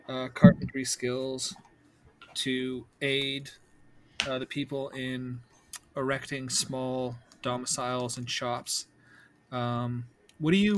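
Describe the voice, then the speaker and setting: A man narrating as game master in a calm, questioning way, with frequent fillers. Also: mid-range voice.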